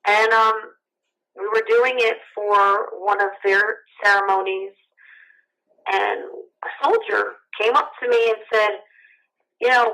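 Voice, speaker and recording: Young adult woman guest from New Jersey; bright, animated storyteller, phone-line sound. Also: medium pitch, slow pace, long pauses. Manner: chatty, animated, acts out quoted voices. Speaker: guest singer-songwriter. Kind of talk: casual interview storytelling.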